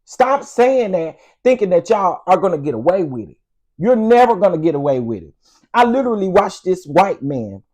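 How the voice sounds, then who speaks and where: Guy ranting hard on his channel, sassy, voice swings all over. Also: on the high side. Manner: loud, emphatic, sassy. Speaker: online commentary host. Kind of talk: ranting commentary.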